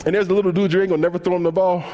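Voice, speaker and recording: A man's voice: high-pitched, very fast. A man preaching a sermon in African American English, acting out the dialogue in casual slang as he tells stories. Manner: animated storytelling, acts out dialogue in casual slang. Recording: long hall reverb.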